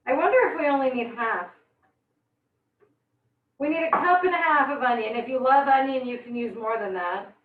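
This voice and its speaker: In a high voice at normal speed, pausing often, a young woman hosts a live online cooking class. She's teary-eyed from onions but keeps chatting, laughing and exclaiming a lot. The recording is echoey and distant with a phone-like quality.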